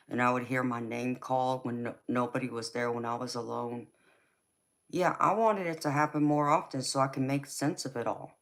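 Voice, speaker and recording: A woman with a Southern US accent, a tarot reader chatting through a live reading, reassuring and loose, with lots of "you know". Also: rumbling low. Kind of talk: live-stream tarot reading, answering chat.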